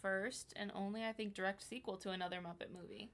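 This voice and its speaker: Calm, matter-of-fact female podcast co-host. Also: mid-range voice, fast talker. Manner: calm, matter-of-fact recapping with short agreeing replies. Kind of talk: casual chat.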